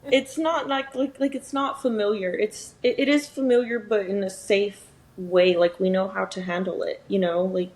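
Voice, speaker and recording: A woman's voice: medium pitch, fairly even intonation, moderate pace, darkish tone, rough recording. A young woman co-hosting a podcast in casual chat, filling her talk with "like" and "you know.". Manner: chatty, says "like" and "you know" often. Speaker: podcast co-host.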